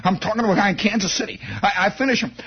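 A man telling a comic first-person story in an excitable way, stammering and restarting as he builds up, on a dull lo-fi recording. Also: high voice, racing, slight background noise.

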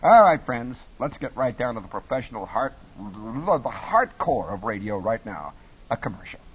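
A middle-aged man telling animated stories about his radio days as a talk show guest. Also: lowish voice, normal speed, slightly rough. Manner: lively, jumps between put-on radio voices. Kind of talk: animated storytelling. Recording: dull lo-fi broadcast audio.

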